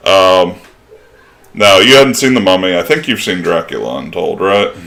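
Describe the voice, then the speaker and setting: A man co-hosting a casual movie podcast, moving the talk along with questions and short "um" pauses. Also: low-pitched, lively intonation, vocal fry, fairly bright tone. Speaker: podcast co-host.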